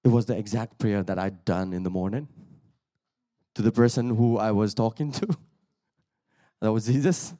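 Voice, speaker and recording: A man with a fairly low, warm voice preaches a sermon, telling his personal testimony loosely and conversationally at a moderate pace. He pauses often and laughs frequently between sentences before rising into emphatic calls to his listeners.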